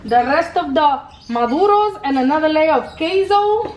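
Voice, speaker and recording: A woman hosting a cooking vlog in her home kitchen, chatting loudly and playfully with sassy, rambling jokes. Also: high-pitched, lively intonation, moderate pace, few pauses. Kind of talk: casual kitchen chat. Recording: noisy home kitchen recording.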